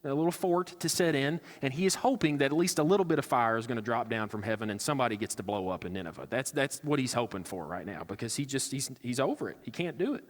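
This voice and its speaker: A man's voice: mid-range voice, expressive, quick pace, few pauses, in a large hall. A man preaching a sermon as a pastor, talking in a casual way and acting out quoted lines with sarcasm. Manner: conversational, acts out quotes with sarcasm. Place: church sanctuary.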